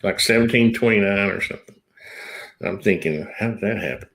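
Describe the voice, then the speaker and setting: A man's voice: on the low side, fairly quick, a bit bright. A man from Tennessee with a Southern accent, chatting casually on a livestream and telling stories with easy laughter. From Tennessee, USA. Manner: chatty storyteller, laughs easily.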